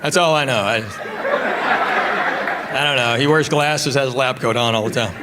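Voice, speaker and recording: A man's voice: medium pitch, moderate pace, a loud crowd, heavy background noise. Drawling man doing stand-up. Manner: drawling storyteller, playful mimicry of locals. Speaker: stand-up comedian. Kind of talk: stand-up comedy set. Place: live comedy venue. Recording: live venue with audible ambience.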